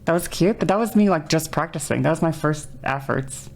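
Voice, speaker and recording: A woman streaming live, chatting casually and excitably and swearing freely. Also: low voice, fairly quick, creaky, slight background noise.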